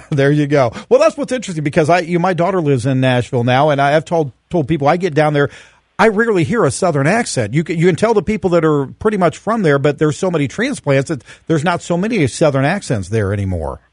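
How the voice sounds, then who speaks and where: A man's voice: on the high side, big pitch swings, fast, dry recording, studio quality. A man hosting a morning radio interview, eager and full of fillers. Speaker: radio host.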